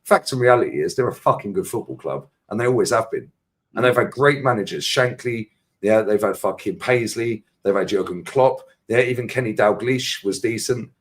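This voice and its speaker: A man with a London accent ranting about football as a panelist in a casual chat show, talking in long sweary tangents. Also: fairly low pitch. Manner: ranting, sweary, fast-flowing.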